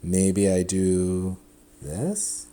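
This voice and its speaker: Chatty low-voiced male math lecturer. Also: very slow. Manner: chatty, self-interrupting, animated explanations. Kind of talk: recorded lecture at a whiteboard.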